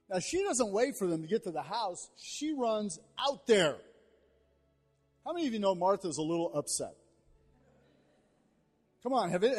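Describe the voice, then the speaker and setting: Male pastor, high voice, fired-up call-and-response preaching on a stage mic in a big echoing church hall. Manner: energetic, builds to shouted call-and-response. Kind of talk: sermon. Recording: long hall reverb.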